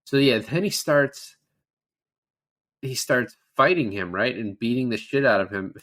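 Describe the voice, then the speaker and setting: A man's voice: medium pitch, lively intonation, measured pace, a bit bright. Casual man recapping a film. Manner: loose, profane retelling of scenes. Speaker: podcast co-host. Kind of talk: casual film-review chat.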